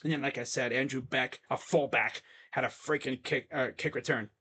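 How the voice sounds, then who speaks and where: A man's voice: mid-range voice, fairly even intonation, moderate pace, sharp tone, husky. A young man casually recapping football stats and picks, chatty with mocking asides. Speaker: sports picks host.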